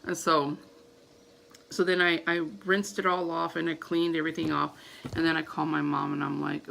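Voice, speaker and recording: Animated storytelling woman with gravelly edge. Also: low voice, a little fast, a little hiss or hum, rough recording. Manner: animated, acts out her own panicked reactions. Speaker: vlogger. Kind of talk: casual storytelling to camera.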